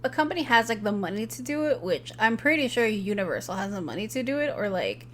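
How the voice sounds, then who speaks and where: A woman's voice: medium pitch, big pitch swings, fast talker, fairly bright tone, a little hiss or hum. A young woman co-hosting a podcast, chatting casually about a movie and peppering her speech with "like". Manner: easygoing, heavy use of "like". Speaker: podcast co-host. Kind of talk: casual chat recapping a movie.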